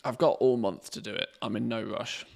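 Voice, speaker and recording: A man streaming a game, chatting casually and thinking aloud in a relaxed, rambling way. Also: medium pitch, brisk, gravelly. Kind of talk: casual live-stream commentary.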